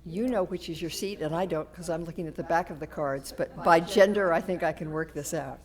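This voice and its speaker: A woman's voice: deep voice, fairly quick. A woman with a Massachusetts accent moderating a town candidates forum in a meeting room, talking loosely with fillers and restarts. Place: police station meeting room.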